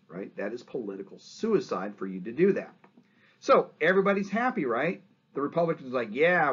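A man's voice: on the high side, husky, highs cut off. A man giving a conversational college history lecture, often checking in with "right?" and acting out quotes in changed voices.

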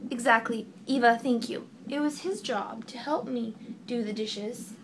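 A woman's voice: on the high side, unhurried, noisy background. A woman, a new mother, chatting playfully on a vlog from a hospital room. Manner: playful, laughing. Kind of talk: casual chat.

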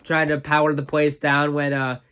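His voice is a little high, a bit bright and smooth, completely flat in delivery, at a moderate pace. Casually reviewing a favorite movie, this enthusiastic fan rambles through the plot, chuckling often and saying "uh" and "you know" a lot.

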